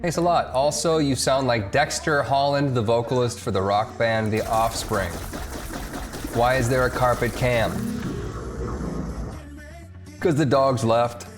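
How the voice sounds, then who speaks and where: A man's voice: medium pitch, slow pace, long pauses. Rambling game streamer man over music. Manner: rambling, joking, reads chat aloud. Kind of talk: casual live-stream chat.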